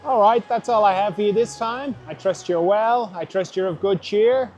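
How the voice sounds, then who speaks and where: A man hosting a reflective spiritual talk, musing gently and voicing imagined thoughts aloud. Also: high-pitched, normal speed, faint music behind. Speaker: podcast host.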